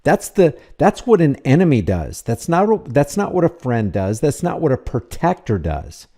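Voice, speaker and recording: A middle-aged man with a mellow, dark voice talks over video clips. His commentary is blunt and emphatic, and he hammers each point home by repeating it. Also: fairly high pitch, very animated, moderate pace. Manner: blunt, emphatic, repetitive phrasing. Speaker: commentator reacting to police footage.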